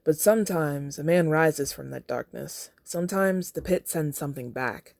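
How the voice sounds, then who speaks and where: A woman's voice: low-pitched, moderate pace, gravelly, darkish tone, no echo, clean studio sound. A woman reading the lines of a formal, worried older male butler in a faint put-on British-style lilt with American vowels. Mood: grave.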